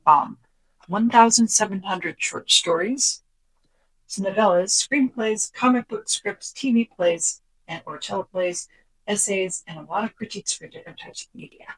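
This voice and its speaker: A podcast co-host chatting casually and summarizing from notes, animated, sometimes dropping into a whisper for quoted lines. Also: medium pitch, a little slow, breathy edge, rough recording.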